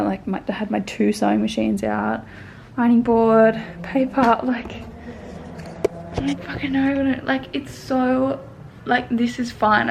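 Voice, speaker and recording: A young woman vlogs from her bedroom, stressed and close to tears, rambling anxiously and swearing. Her slightly high voice has a lot of fry. The room echoes audibly on the camera mic. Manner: anxious, rambling, swears often, many "like" fillers. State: tearful and stressed. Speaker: sewing pattern designer. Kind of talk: casual vlog to camera. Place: bedroom at home. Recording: echoey room with faint background noise.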